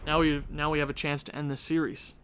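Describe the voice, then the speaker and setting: A young man commentating his own hockey video game, swinging from low muttering to shouting at his team. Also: little pitch movement, brisk, slight background noise. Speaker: gaming YouTuber.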